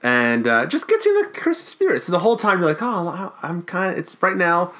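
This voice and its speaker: A man from the Baltimore area co-hosting a podcast in casual, jokey, excitable chat. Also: high voice, fast talker. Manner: jokey, excitable, self-mocking. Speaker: podcast co-host.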